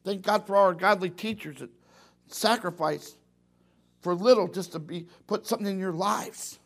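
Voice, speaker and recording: A middle-aged preacher with a high voice for a man. He preaches in a folksy, animated way, acting out the voices of the people he talks about. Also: moderate pace. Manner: folksy, animated, acts out quotes. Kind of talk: sermon.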